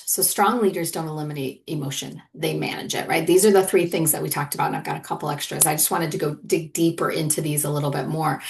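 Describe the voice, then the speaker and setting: A woman's voice: low voice, vocal fry. A middle-aged woman, a leadership coach and podcast host, teaching in an earnest, encouraging conversational monologue and often checking in with "right?".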